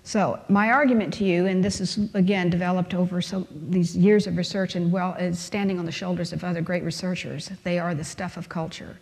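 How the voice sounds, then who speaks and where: A woman with a fairly low voice gives a conference talk in a lecture hall. She speaks emphatically, leans on rhetorical questions and everyday examples, and her words ring out with a long reverb from the room. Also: steady tone, a little fast, creaky, hardly any pauses, darkish tone.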